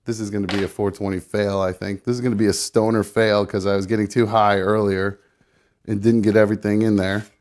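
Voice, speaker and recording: Man, low-pitched, casual live-stream rambler, profane, self-narrating, slightly breathless. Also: little pitch movement, a little fast, a little mellow. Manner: rambling, swearing, self-narrating while rolling. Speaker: live show guest rolling a blunt.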